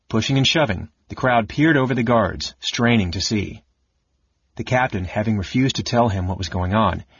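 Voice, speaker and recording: A man reading an audiobook in a steady, measured way, his low voice slightly husky. The recording is dry and dull. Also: dry recording. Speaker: narrator.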